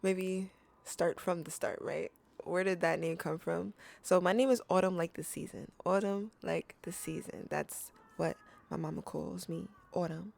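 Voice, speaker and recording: A young woman talking straight to her viewers in a loose, rambling vlog, laughing easily and circling back on herself. Her voice sits a little low and carries a gravelly, fried edge. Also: fairly even intonation, unhurried, darkish tone. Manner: chatty, playful, laughs often, rambling restarts. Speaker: vlogger. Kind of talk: casual talking-to-camera vlog.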